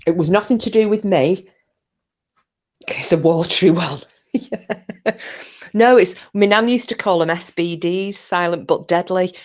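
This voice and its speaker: A woman's voice: fairly low pitch, measured pace, long pauses, a little mellow. A British woman hosting a casual livestream, telling rambling stories and breaking into giggles while reading out comments. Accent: British English. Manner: giggly, rambling storyteller who breaks into laughter. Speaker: livestream host.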